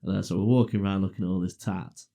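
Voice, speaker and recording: Casual podcast co-host, middle-aged man, low and mellow, spinning an anecdote. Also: fairly even intonation, rapid-fire, creaky. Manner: laughs through his own story, acts out quoted voices. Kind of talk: casual storytelling chat. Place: garage.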